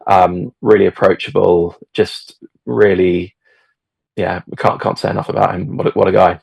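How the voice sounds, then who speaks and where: A middle-aged man tells a story in a relaxed, meandering way, full of fillers and restarts. His voice sits low and gravelly, with a husky edge. The recording is close and dry. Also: normal speed, no room sound, highs cut off. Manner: hesitant, many fillers and restarts. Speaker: podcast guest, football fan. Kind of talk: casual storytelling.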